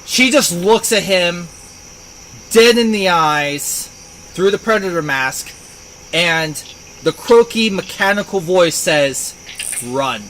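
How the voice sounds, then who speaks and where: A man's voice: high voice, lively intonation, takes it slowly, fairly bright tone, a little hiss or hum, rough recording. A man talking casually as a player in a tabletop game, rambling into enthusiastic tangents.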